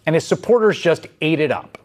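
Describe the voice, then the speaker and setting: A man's voice: on the high side, lively intonation, brisk, a little mellow. A man hosting a news show, delivering scripted political commentary in a sardonic, emphatic way.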